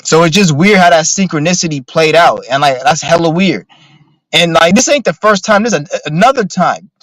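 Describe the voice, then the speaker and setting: A man's voice: on the high side, lively intonation, a little fast, fairly bright tone, no room sound, low-quality recording. A man ranting casually on a livestream, profane and rambling with lots of filler words. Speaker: streamer.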